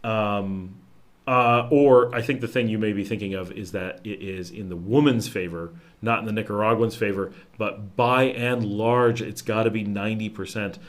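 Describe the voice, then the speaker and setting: A man from the United States with a fairly low-pitched voice hosts a casual live question-and-answer stream. He rambles easily from point to point, with many fillers and self-corrections, and his voice sinks quieter at the ends of phrases. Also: steady tone, normal speed. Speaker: livestream host answering viewer questions.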